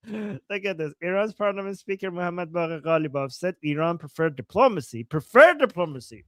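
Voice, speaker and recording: A man's voice: sits high, normal speed, no echo, clean studio sound. A man co-hosting a live political stream, giving sarcastic commentary with theatrical mockery and frequent laughter. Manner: mocking, theatrical, laughs often.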